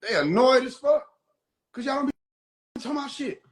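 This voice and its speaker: A man's voice: very high-pitched, a little fast. A man hosting a phone livestream, mocking people in a profane comedic rant. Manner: animated, mocking, swears constantly. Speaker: livestream host.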